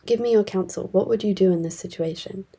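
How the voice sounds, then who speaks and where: A man's voice: high-pitched, quick pace, creaky, warm tone, slightly rough, heavily acted. A woman voicing a troubled king who earnestly asks for counsel, in a storybook retelling.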